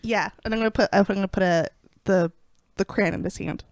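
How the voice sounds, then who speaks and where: A woman playing a tabletop game, explaining her character's plans in a deadpan way. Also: medium pitch, brisk, gravelly. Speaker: player. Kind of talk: casual tabletop game chat.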